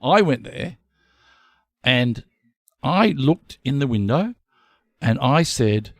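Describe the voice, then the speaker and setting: A middle-aged man tells a story in a casual chat. His voice is gravelly and rises and falls a lot. The sound is dry and close. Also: mid-range voice, slow pace, pauses often, no echo. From Australia. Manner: chatty, animated storyteller. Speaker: podcast co-host. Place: home shed.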